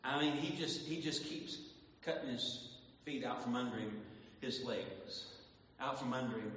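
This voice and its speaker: Impassioned preacher in an echoey hall. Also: male voice, mid-range voice, measured pace, hardly any pauses, slight background noise. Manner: impassioned, rises into sung shouts, repeats phrases. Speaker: pastor. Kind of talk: sermon. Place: church sanctuary. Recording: echoey church hall, distant mic, faint ambience.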